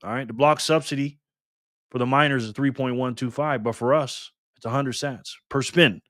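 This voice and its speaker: A man hosting a casual live stream cheerfully greets viewers by name and chats while spinning a prize wheel. His mid-range voice has fairly even intonation, a moderate pace, and a fairly bright tone, captured dry with clean studio sound.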